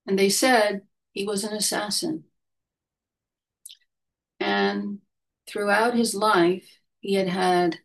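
A woman slowly and gently telling a reflective personal story as a spiritual caregiver, often dropping her voice very low. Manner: slow, gentle and thoughtful, often dropping to a soft voice.

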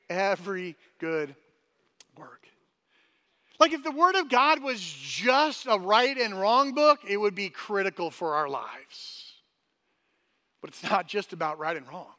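High bright-voiced pastor guy preaching, chatty, lots of "right?", long echo in the hall. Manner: energetic, chatty, repeats "right?" often, stumbles and restarts. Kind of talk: sermon. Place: church hall.

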